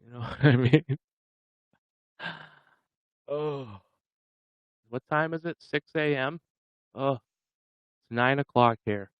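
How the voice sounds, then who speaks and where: A man's voice: medium pitch, takes it slowly, long pauses, clean tone, dry recording, lo-fi sound. A man hosting a casual livestream, joking with viewers and laughing often. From Massachusetts. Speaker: livestream host.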